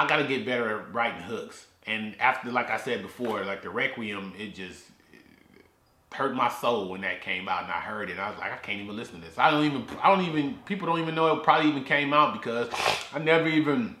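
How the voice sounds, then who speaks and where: A man hosts his own podcast in a loose, rambling way, stumbling over and repeating words as he goes. His voice has a bright edge. He is recorded in a garage that leaves a clear echo on everything he says. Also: fairly low pitch, a little hiss or hum. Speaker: podcast host. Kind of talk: casual solo podcast talk. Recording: echoey garage.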